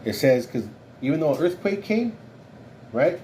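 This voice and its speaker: Man teaching Bible study, mellow voice. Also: a little high, very animated, normal speed, a little hiss or hum. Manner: conversational, keeps asking "right?".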